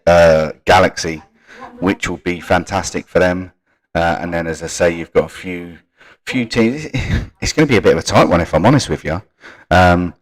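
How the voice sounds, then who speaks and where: A man's voice: deep voice, poor audio. A man hosting a live gaming stream. He runs through league standings and stats and talks casually to his viewers. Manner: reads league stats off screen and chats to viewers. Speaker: stream host.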